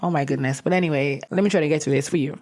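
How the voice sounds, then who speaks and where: A woman's voice: low voice, rapid-fire, a little mellow. A young adult woman hosting her own podcast, talking in a somber, reflective way. She is openly emotional and teary as she talks. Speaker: podcast host. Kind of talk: personal podcast monologue.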